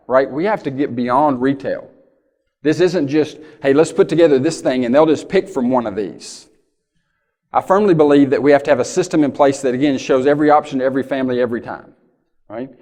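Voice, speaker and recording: A man's voice: mid-range voice, brisk, darkish tone. A man giving a keynote talk in a large conference hall, telling folksy stories and often checking in with the audience. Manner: folksy storytelling, asks the audience "right?" often. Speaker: keynote speaker. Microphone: handheld or lapel mic. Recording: long hall reverb.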